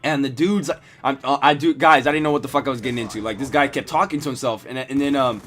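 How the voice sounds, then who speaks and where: A man's voice: mid-range voice, fairly even intonation, quick pace, fairly bright tone, a little hiss or hum. A man telling a story casually over gameplay, rambling and swearing a lot. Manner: rambling, heavily profane. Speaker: gaming video host.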